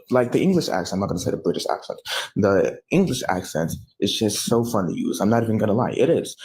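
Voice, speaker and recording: A man's voice: on the low side, darkish tone, low-quality recording. An American man giving a rambling, profane reaction commentary, often stopping to correct himself. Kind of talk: casual ranting commentary.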